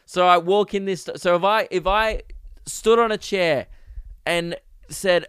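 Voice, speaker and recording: A man's voice: high-pitched, a little slow, fairly bright tone, clear, resonant tone, no echo. A young Australian man hosting a podcast, telling a story as a sarcastic, exasperated comedic rant. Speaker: podcast host.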